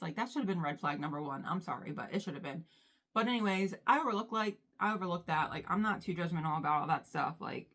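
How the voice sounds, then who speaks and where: A woman's voice: lowish voice, a bit bright. Chatty young woman with a twang. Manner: chatty, heavy use of "like", addresses viewers as y'all. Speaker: vlogger. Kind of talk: casual storytime chat. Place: indoors at home, getting ready.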